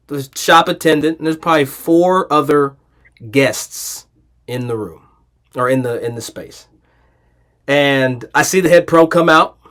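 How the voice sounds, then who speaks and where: A man's voice: a little high, a bit bright. Playful male podcast storyteller. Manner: playful storyteller who acts out the people in his anecdotes. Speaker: podcast co-host. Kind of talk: casual podcast banter.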